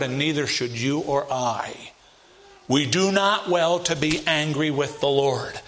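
A male preacher delivers a sermon with emphasis and a bright, forceful edge to his voice. His pitch sits somewhat high for a man, and he leans on rhetorical questions to carry his listeners along.

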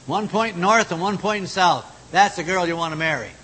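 A man preaching a sermon in a folksy manner, moving between loud exhortation and hushed, low tones. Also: normal speed, husky. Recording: long hall reverb, faint rumble.

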